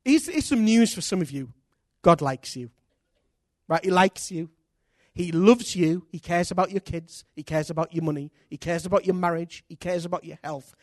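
A man preaching a sermon in an animated, candid way, with self-mocking humor. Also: sits high, normal speed, no room sound, studio quality. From Britain. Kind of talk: sermon with personal storytelling.

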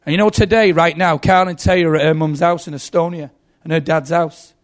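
A man's voice: fairly high pitch, a little fast. A man preaching a sermon, telling stories with dramatic buildups. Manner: animated storytelling, dramatic buildups.

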